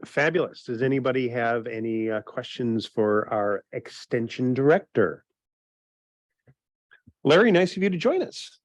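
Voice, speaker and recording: A man chairing a county committee meeting, moving briskly through the agenda in a friendly manner. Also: mid-range voice, animated, no room sound.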